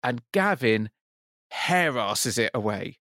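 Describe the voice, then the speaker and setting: A British man co-hosting a podcast, telling stories in a relaxed, wry casual chat. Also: medium pitch, slow, no echo, clean studio sound. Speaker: podcast co-host.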